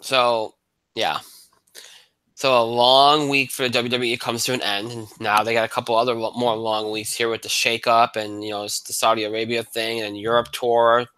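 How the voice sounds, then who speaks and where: Male podcast host, bright voice, dry close sound, casual rambling talk. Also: mid-range voice, flat delivery, normal speed, clean tone, dry recording, low-quality recording. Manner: plain conversational, rambling with fillers. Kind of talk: casual chat.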